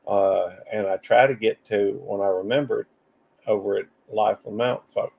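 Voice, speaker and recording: A man with a Southern US accent rambles through a casual live stream, drawling and reading viewers' comments out loud. His voice is lowish, steady, creaky, and slightly rough at a normal speed, captured in lo-fi sound.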